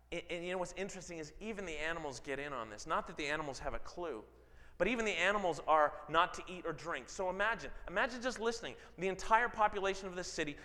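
A man preaching a sermon, dramatic, swinging from loud emphasis to low, quiet stretches. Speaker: pastor. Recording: long hall reverb.

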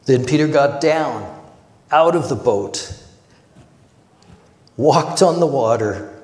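A man preaching a sermon as pastor, earnest and conversational, acting out scenes with animated retellings. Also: medium pitch, slow pace. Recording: echoey hall with long reverb.

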